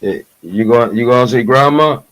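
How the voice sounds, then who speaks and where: A man's voice: medium pitch, moderate pace, a bit bright, poor audio. A man hosting a true crime livestream, chatting casually before the show with loose, profane trash talk, frequent laughter and playful affection for his family.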